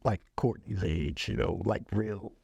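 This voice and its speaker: An older man, a musician, telling stories from his career in a relaxed, laughing way on a podcast. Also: lowish voice, measured pace, creaky, a little hiss or hum. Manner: relaxed, laughing storyteller, acts out quoted voices. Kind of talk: casual storytelling chat.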